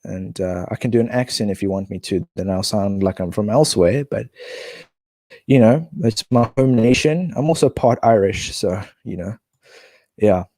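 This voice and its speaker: A man from South Africa chatting casually on a live stream, thinking out loud and reading viewers' comments aloud. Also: fairly low pitch, normal speed, no room sound, clean studio sound.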